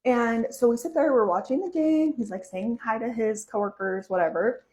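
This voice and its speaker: A woman's voice: fairly high pitch, normal speed, low-quality recording. Chatty young woman telling a story. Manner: chatty, heavy use of "like" fillers, animated swings when excited. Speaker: vlogger telling a personal story. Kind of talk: casual storytelling to camera.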